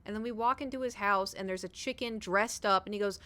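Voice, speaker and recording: A woman's voice: mid-range voice, a little fast, hardly any pauses, clear, resonant tone. Rambling, swearing woman streamer. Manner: rambling, profane, animated storytelling. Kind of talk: casual chat while gaming.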